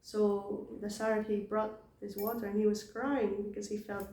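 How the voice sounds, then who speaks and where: A woman's voice: mid-range voice, level tone, moderate pace, mellow, echoey room. A woman casually retelling scripture stories in a chatty way, laughing often. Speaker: devotee telling scripture stories. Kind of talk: casual storytelling talk.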